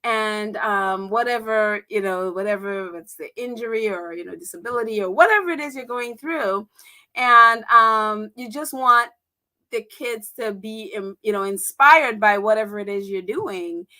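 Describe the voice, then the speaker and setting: A woman's voice: medium pitch, a little slow, pushed and bright. A woman hosting a casual livestream, chatty, with frequent laughter and filler words. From United States. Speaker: livestream host.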